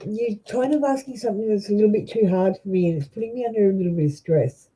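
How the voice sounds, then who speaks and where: A young Australian woman reading tarot cards on a live stream, chatty and halting, with many ums and restarts. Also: medium pitch, mellow, slightly rough, low-quality recording. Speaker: tarot reader.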